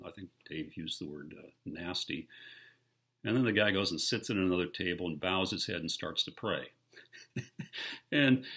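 A man in his sixties, a pastor preaching a sermon in a conversational storytelling way that grows animated when he retells stories. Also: sits low, husky.

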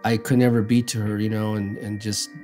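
A man's voice: lowish voice, level tone, brisk, dark tone, soft background music. A man in his fifties giving a documentary interview, plain-spoken and emotional.

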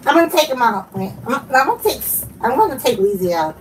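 A woman vlogger chatting casually while unboxing, giggling often and gushing with excitement. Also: sits high, fast, few pauses, far from the mic, slight background noise, rough recording. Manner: giggly and gushing, frequent laughter.

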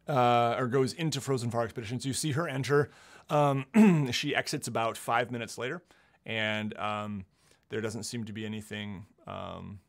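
A man narrates a tabletop game as the game master. He talks in a halting way, filling pauses with ums. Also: mid-range voice, fairly even intonation, gravelly.

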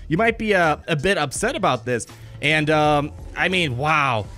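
A man giving excited gameplay commentary on a mobile game, enthusiastic and exclamatory, rambling with frequent restarts. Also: on the high side, normal speed, faint music behind. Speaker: gaming YouTuber.

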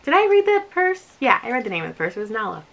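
A woman's voice: fairly high pitch, sing-song, quick pace, gravelly, a bit bright. Bubbly, gushing young woman vlogger. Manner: gushing, bubbly, says "like" a lot. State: a bit out of breath. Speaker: unboxing vlogger. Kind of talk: casual unboxing chat.

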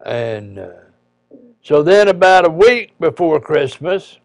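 A man, a preacher, telling a personal story in a folksy, halting way with frequent pauses and restarts. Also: a little high, sing-song, gravelly, darkish tone, no room sound.

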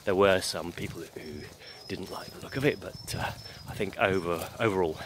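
A man hosting a daily podcast, giving a casual news update while walking uphill, out of breath and halting with many fillers and restarts. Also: low-pitched. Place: outdoors on a hill. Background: clear outdoor noise.

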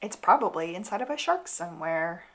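A woman co-hosting a podcast, narrating an episode recap in relaxed casual chat with dry asides. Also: on the low side, brisk. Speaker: podcast co-host.

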